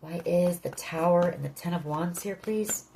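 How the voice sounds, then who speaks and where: A woman's voice: lowish voice, normal speed, gravelly, mellow, a little hiss or hum, poor audio. A woman giving a tarot reading, speaking earnestly and directly to the listener. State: emotional. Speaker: tarot reader.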